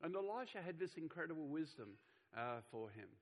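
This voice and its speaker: Earnest pastor, slightly higher voice. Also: male voice, big pitch swings, brisk, poor audio. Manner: earnest, conversational, with restarts. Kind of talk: sermon.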